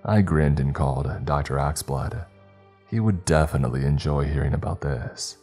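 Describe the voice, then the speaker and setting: A man narrating a horror story in a grim, even, scripted manner. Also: very deep voice, normal speed, breathy edge. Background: faint background music.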